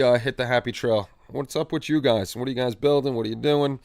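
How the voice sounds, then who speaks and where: A man's voice: medium pitch, steady tone, a little fast, creaky, few pauses, darkish tone, no room sound, studio quality. A man hosting a livestream, chatting casually and reading viewer comments in a rambling, easygoing way with repeated phrases. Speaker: livestream host. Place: home hobby room.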